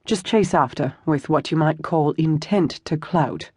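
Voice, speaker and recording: An audiobook narrator voicing a bold young woman who plans a street scheme, speaking briskly and to the point. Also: mid-range voice, darkish tone, husky, dry recording, clean studio sound.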